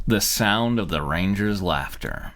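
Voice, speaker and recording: A man reads fanfic narration aloud to a group of friends. His voice sits low, and his delivery stays wry and amused. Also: animated, unhurried, a bit bright. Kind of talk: live group fanfic reading.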